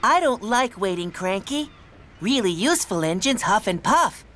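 A man's voice: high voice, sing-song, moderate pace, sharp tone, slight background noise, voice pushed up, full character voice. Percy, a man doing a small, eager young engine. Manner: eager and pleading. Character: small eager young male tank engine, curious and excitable.

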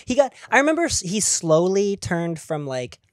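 A man's voice: high-pitched, big pitch swings, moderate pace, no echo, clean studio sound. A man co-hosting a comedy podcast in a loose, rambling way, full of fillers and restarts and laughing mid-thought. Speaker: podcast co-host. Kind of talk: casual comedic chat.

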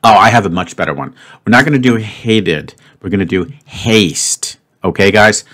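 A man's voice: fairly low pitch, expressive, moderate pace, a bit bright. A man casually talking through a word puzzle as the host of his video, chatty and upbeat, thinking aloud with lots of fillers. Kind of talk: casual commentary while solving a puzzle.

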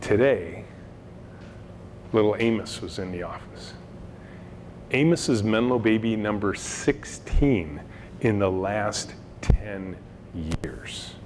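This middle-aged CEO's voice is fairly low and somewhat dark, and he speaks slowly with frequent pauses. He's telling stories to students, acting out the voices in his anecdotes, in a lecture hall with an audience where long reverb and faint noise fill the recording.

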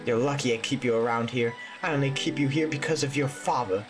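A woman voicing a cold, dismissive mother in a game playthrough, speaking low and icily. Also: a little fast, music in the background. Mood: scornful. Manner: icy, dismissive. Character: cold, scornful mother of two girls.

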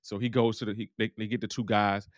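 A man's voice: fairly low pitch, flat delivery, fast talker, no room sound, studio quality. A man giving a loose, chatty recap of a TV episode, acting out the characters' lines as he goes. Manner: loose, talky retelling that acts out characters' lines. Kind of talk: casual recap monologue.

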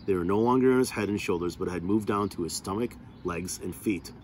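A man reading a novel aloud in a steady, plain narrating voice. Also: deep voice, brisk, slight background noise. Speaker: reader.

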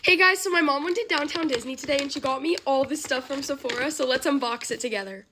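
A woman's voice: high-pitched, fast, bright, forceful tone, a little hiss or hum. A teenage girl unboxing a makeup haul, gushing and bubbly, with gasps and lots of "like". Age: teens. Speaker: beauty haul vlogger. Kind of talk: excited unboxing chat.

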